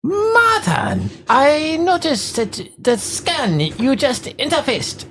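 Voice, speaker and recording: A woman's voice: high voice, huge pitch swings, slow pace, fairly bright tone, a little hiss or hum, full character voice. A woman voicing a stern male boss who speaks in cold, clipped, formal lines.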